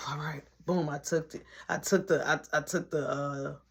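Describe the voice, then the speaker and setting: A woman telling a casual storytime monologue, animated and acting out others' lines. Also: sits low, normal speed, husky. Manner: animated, acts out dialogue.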